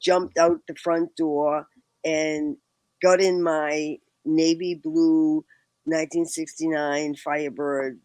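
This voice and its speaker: A woman's voice: low-pitched, little pitch movement, takes it slowly, darkish tone, no echo, poor audio. A woman in her sixties with a Boston accent, a guest telling stories in a casual chat and laughing often between phrases. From Boston, USA. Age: 60s.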